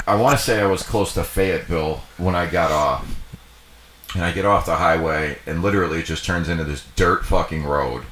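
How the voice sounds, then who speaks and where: A man's voice: deep voice, normal speed, fairly bright tone, slight background noise. A young man co-hosting a livestream, chatting casually in a rambling way full of fillers and swearing. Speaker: livestream co-host. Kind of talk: casual chat. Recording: echoey room.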